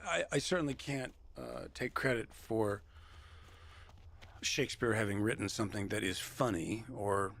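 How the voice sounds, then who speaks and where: A man being interviewed as an actor, telling stories in a lively, reflective way. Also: on the low side, normal speed, creaky. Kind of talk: reflective conversational storytelling.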